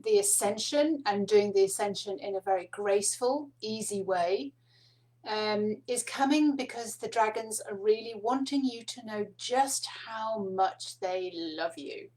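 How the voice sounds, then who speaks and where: A middle-aged woman hosting a spiritual card reading, speaking softly and meanderingly with fillers and small laughs. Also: medium pitch, poor audio. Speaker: spiritual card reader and host. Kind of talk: casual spoken teaching to camera.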